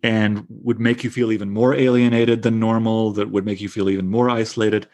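A man's voice: on the low side, level tone, a little fast, a little mellow. A man in his thirties leading a casual literary discussion, enthusiastic and stumbling over restarts. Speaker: discussion leader.

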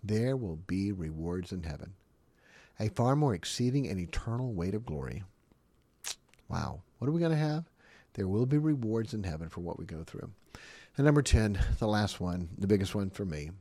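A man preaching a sermon, emphatic and animated, often laughing between his points. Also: fairly low pitch, normal speed, dry recording. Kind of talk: sermon teaching.

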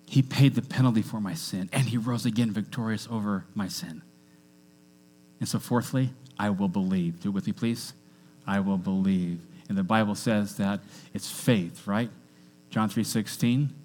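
A man preaching a sermon to a church congregation, energetic, often asking the crowd to repeat lines after him. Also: on the low side. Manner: energetic, with call-and-response to the congregation. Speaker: pastor.

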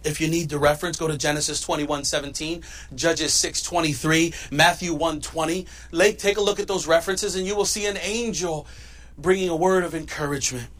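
A man preaching a sermon as pastor, swinging between loud emphatic lines and hushed ones. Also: on the high side, steady tone, a little fast.

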